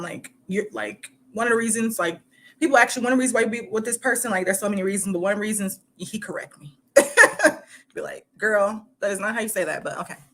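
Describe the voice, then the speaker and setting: A woman from Michigan hosting her own channel, reading a news article aloud in a halting way and breaking off into casual asides full of "like" and "you know.". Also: medium pitch, a bit bright. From Michigan, United States. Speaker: host.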